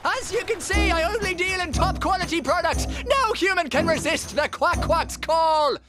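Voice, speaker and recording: A woman's voice: extremely high pitch, expressive, moderate pace, loud music behind the voice. Woman doing a sly cartoon leprechaun peddler. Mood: smug. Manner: wheedling salesman patter, gloating cackles. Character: sly, greedy male leprechaun merchant. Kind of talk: cartoon voice acting.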